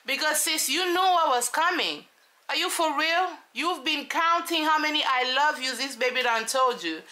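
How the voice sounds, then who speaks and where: A woman giving sassy, animated commentary on a reality show, talking straight to her viewers. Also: high voice, moderate pace. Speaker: show reviewer.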